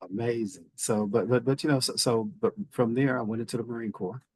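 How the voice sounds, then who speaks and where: A middle-aged man from Indiana with a Southern US accent, telling his story in a relaxed interview, often restarting his sentences. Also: mid-range voice, brisk, breathy edge, no room sound, rough recording. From Indiana, USA. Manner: relaxed storytelling with frequent repeated starts. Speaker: guest, federal official. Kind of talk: conversational interview.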